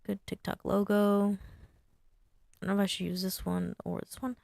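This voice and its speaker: A woman's voice: mid-range voice, little pitch movement, normal speed, gravelly, a little mellow, no echo, studio quality. A woman sign designer talking casually through her design work, thinking aloud and muttering to herself at a desk mic. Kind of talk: casual screen-share design walkthrough.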